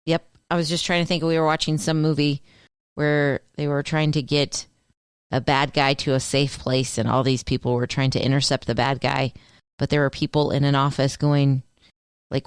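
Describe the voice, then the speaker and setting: Wry female radio co-host, smooth voice. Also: rumbling low, no room sound, studio quality. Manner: wry, teasing quips. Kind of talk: casual morning radio banter.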